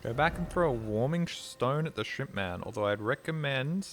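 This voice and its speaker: A man's voice: mid-range voice, expressive, moderate pace, a little hiss or hum. Rambling, foul-mouthed male streamer. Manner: rambling, swears freely, talks to chat. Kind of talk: casual gameplay commentary.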